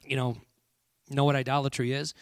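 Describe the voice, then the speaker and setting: A man's voice: medium pitch, little pitch movement, brisk, clean tone, dry recording, clean studio sound. A man preaching a sermon to a congregation, with frequent call-and-response and "all right" checks. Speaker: pastor.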